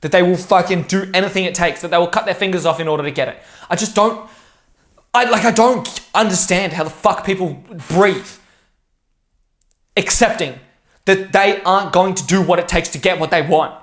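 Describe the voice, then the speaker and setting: A man's voice: sits high, moderate pace, fairly bright tone. A young man talking straight to camera in a rambling, profane, intense and emphatic monologue. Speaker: vlogger.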